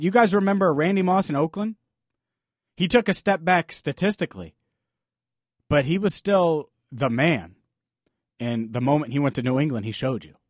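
A man's voice: a little high, dry recording. A man hosts a sports talk podcast in a slightly raised voice, recorded close and dry with no room sound. He argues his points emphatically and fires off rhetorical questions as he goes. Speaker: podcast host.

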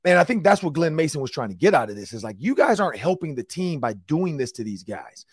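A man hosting a sports talk show, telling a story in casual podcast style, animated and slangy. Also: a little high, quick pace, husky, no echo, clean studio sound. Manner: animated, acts out quotes in slangy banter.

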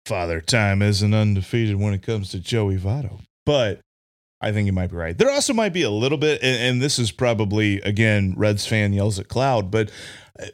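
A man co-hosting a sports podcast, chatting casually and jokingly, often trailing off and restarting. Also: on the low side.

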